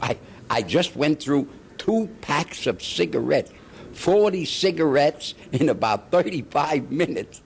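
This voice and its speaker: Older man, lively chuckling storyteller. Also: a little high, unhurried, creaky, slight background noise. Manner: animated, chuckling storyteller who acts out the people he quotes. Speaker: veteran actor being interviewed. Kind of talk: anecdotal storytelling.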